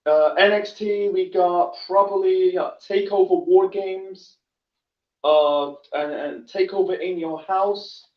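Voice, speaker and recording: A man talks casually on his own wrestling show, halting often and restarting his sentences. His voice sits high for a man. It comes from a bit back in an echoey room, on dull, lo-fi audio. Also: steady tone, far from the mic. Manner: halting, many fillers and restarts. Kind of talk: casual solo commentary.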